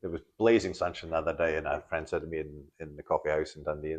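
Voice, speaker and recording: A man, a photographer and tour guide, chatting as a podcast guest in a halting, stop-start way with many restarts. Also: extremely low pitch, flat delivery, darkish tone, highs cut off. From Scotland. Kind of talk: casual podcast conversation.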